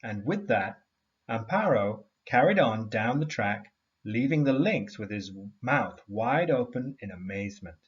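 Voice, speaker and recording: A man reading a story aloud to a class in an expressive storytelling manner. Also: medium pitch, unhurried, dull audio. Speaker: teacher.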